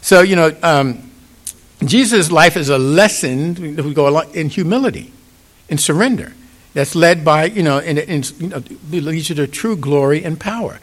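A man's voice: on the high side, normal speed. A middle-aged man giving an informal Sunday sermon, talking conversationally and often checking in with "you get it?". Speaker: pastor.

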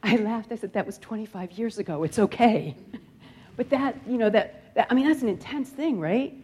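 A middle-aged woman from upstate New York preaching a sermon in a conversational storytelling way, dropping to a hushed near-whisper at grave moments. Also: a little high, moderate pace, breathy edge. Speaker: guest speaker.

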